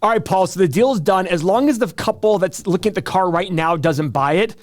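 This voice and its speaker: Male podcast co-host, chatty and animated, acts out every phone call he retells. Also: high-pitched, brisk. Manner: animated storytelling, acting out quoted calls. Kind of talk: casual chat.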